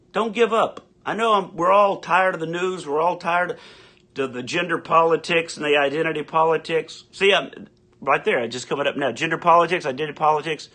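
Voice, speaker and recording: A man's voice: on the high side, sharp tone. A man in his fifties ranting angrily into a phone live stream, swearing and stammering through restarts. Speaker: livestream ranter. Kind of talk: comedic live-stream rant.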